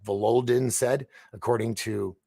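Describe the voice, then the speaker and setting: Male stream host, gravelly voice, dry close sound, stumbles over names while reading news. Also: mid-range voice, fairly even intonation, mellow, dry recording. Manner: reads news aloud haltingly, stumbles on names, chats with viewers. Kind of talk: casual live-stream commentary.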